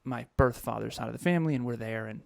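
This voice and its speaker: A man in his thirties shares a deeply personal story on a podcast. His voice sits at an ordinary male pitch, and he talks in a raw, confessional way, looping back and restarting as he searches for words. The sound is close and dry, with no room around it. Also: quick pace, creaky, darkish tone, no room sound. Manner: emotional, confessional, with frequent restarts. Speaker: podcast co-host.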